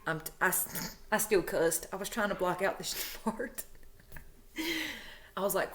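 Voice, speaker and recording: A woman casually telling a personal story, chatty, animated and frank, often laughing. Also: fairly low pitch, a little slow, pauses often. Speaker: true crime storyteller, channel host.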